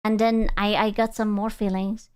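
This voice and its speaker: A woman's voice: medium pitch, little pitch movement, normal speed, a little mellow, smooth, no echo, clean studio sound. A young woman streamer chatting casually with her chat, rambling, teasing and swearing freely.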